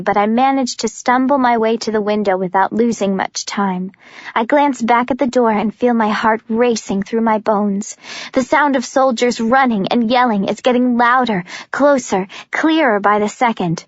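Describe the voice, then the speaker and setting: Higher-voiced woman reading an audiobook. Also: moderate pace, no room sound. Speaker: audiobook narrator. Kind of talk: first-person audiobook narration. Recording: slightly dull, dry recording.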